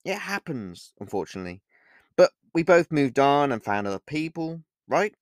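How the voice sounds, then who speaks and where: A man reading an audiobook, playing a smiling, pushy young man who is hiding something, with a bright, falsely cheerful manner. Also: a little high, very animated, moderate pace, no echo, studio quality. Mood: flustered.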